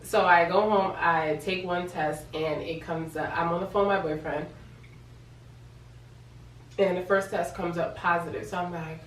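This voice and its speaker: A pregnant young woman in a casual vlog, retelling her story in an animated, chatty way with lots of quoted dialogue. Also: fairly low pitch, normal speed, reverberant, far from the mic, slight background noise, rough recording. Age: young adult. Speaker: vlogger.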